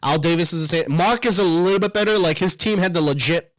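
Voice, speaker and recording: A young father co-hosts a relaxed podcast, rambling through stories and swearing freely. His voice sits a little high, and the sound is close and dry. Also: fast, dry recording. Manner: rambling, swears, laughs often. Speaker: podcast co-host. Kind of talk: casual chat.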